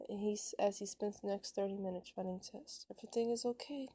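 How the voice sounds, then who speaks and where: A woman reading a fan love story aloud, with a halting delivery full of restarts and stumbles. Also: mid-range voice, monotone, mellow, slightly rough, dry recording.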